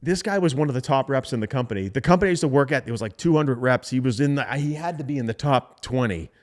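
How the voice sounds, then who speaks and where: A young man talks casually as co-host of a podcast roundtable. His voice sits at an ordinary middle pitch, and he keeps his stories moving by slipping into the voices of the people he describes. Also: fast. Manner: animated storyteller who acts out quoted voices. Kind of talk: casual chat.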